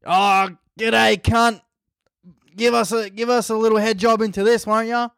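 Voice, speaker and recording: A man's voice: high-pitched, flat delivery, measured pace, creaky, fairly bright tone, clean tone, no echo, clean studio sound, voice pushed up, full character voice. A man voicing an overly friendly, crude Australian male cop with matey, slangy banter and an Australian accent. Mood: cheeky friendly.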